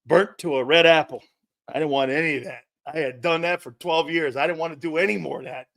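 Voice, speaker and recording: Sports talk host, middle-aged man, brash and profane storyteller, high-pitched, sharp tone. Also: steady tone, brisk, vocal fry, dry recording, clean studio sound. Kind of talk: animated sports talk monologue.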